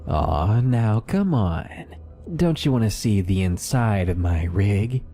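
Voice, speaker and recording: A man's voice: lowish voice, lively intonation, takes it slowly, dark tone, faint music behind, exaggerated voice. A man voicing a creepy, pushy hulking male trucker who talks in a coaxing, wheedling way.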